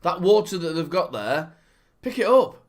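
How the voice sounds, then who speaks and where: A man's voice: high voice, sing-song, normal speed. A man, co-hosting a casual podcast chat, giggling and rambling with fillers. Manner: giggly, laughs through his words, rambling with fillers. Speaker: show co-host.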